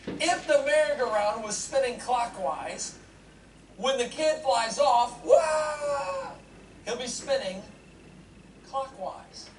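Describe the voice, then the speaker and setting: A man giving a humorous lecture to an audience, animated and joking, often asking the crowd questions. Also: very high voice. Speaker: seminar speaker. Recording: echoey hall, distant mic, noisy.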